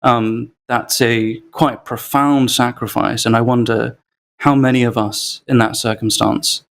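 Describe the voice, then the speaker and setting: A man's voice: medium pitch, steady tone, creaky, a bit bright. Articulate man guest discussing his book. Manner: measured, articulate, frequent um and uh fillers. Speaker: author guest. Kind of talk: political interview.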